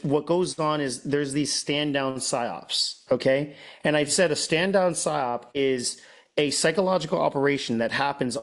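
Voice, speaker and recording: Guy with a high voice pitching hard and preaching, repeats lines, mocks the doubters. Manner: emphatic, repetitive, sermon-like, mimics doubters. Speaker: host, off-grid masterclass presenter. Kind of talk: energetic sales pitch mixed with preaching.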